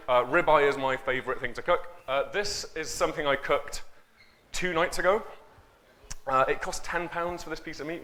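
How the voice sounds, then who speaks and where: A man's voice: mid-range voice, bright, forceful tone. A man giving a loose, unscripted talk on stage to an audience. He chats and jokes, with many fillers. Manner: chatty, joking, many fillers. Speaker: conference speaker. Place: conference stage before an audience.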